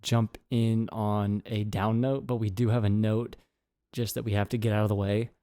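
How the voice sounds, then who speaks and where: A man's voice: lowish voice, flat delivery, normal speed, dark tone, smooth, dry recording, studio quality. A man co-hosting a podcast, chatting casually in a rambling, joking way. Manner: rambling, jokey, full of fillers. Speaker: podcast co-host. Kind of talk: casual chat.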